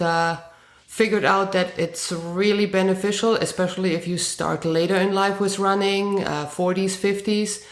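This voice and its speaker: A woman in her forties with a German accent answers questions at an easy pace, pausing on frequent ums and uhs. Her voice sits on the low side, and the room around her rings with noticeable echo. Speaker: guest runner. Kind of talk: interview answers.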